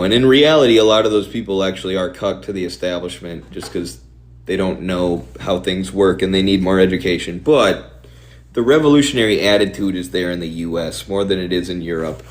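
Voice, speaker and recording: Male streamer, lowish voice, quick and offhand, opinionated. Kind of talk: casual chat, answering viewer questions.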